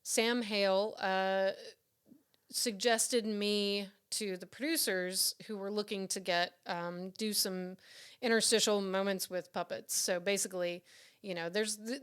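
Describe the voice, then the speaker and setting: A woman, clear and smooth in tone, chats through an interview in a loose, animated way. She laughs often and restarts her sentences, with plenty of fillers. Her pitch sits in a middle range for a woman. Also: measured pace. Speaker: puppeteer and director, interview guest. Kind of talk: casual interview storytelling.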